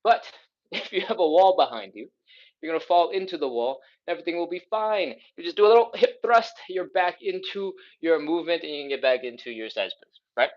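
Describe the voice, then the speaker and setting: A man's voice: on the high side, lively intonation, a little fast, dull audio. A man coaching a live follow-along stretching workout, chatty and upbeat, with playful exclamations as he explains each move. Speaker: stretching instructor.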